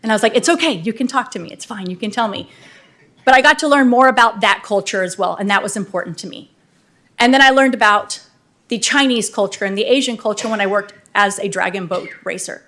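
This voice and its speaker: A woman who has just been elected to the city council gives an unscripted, energetic speech full of heartfelt thank-yous in a council chamber. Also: mid-range voice, brisk.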